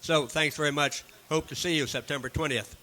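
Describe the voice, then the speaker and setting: A man announcing upcoming speakers and an event, talking in a halting way with many fillers. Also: on the high side, steady tone, bright, forceful tone, a little hiss or hum. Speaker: event organizer making announcements.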